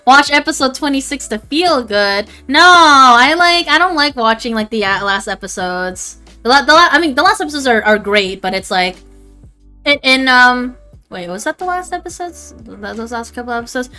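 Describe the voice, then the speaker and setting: A woman's voice: high voice, animated, moderate pace, sharp tone, faint music behind. A young adult woman chatting casually on a livestream, rambling and swearing freely. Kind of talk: casual stream chat.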